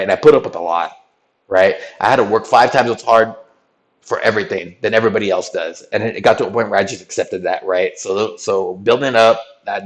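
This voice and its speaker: A man with a lowish voice tells a long story to his stream. He talks in loose slang and keeps checking in with "right?" and "bro", jumping up high when he quotes people. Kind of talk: casual storytelling recap.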